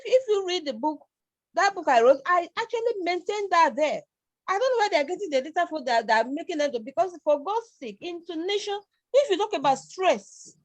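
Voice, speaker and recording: A woman's voice: very high-pitched, no room sound. A middle-aged Nigerian woman lecturing a live class, emphatic and questioning, often repeating herself. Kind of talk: live online class discussion.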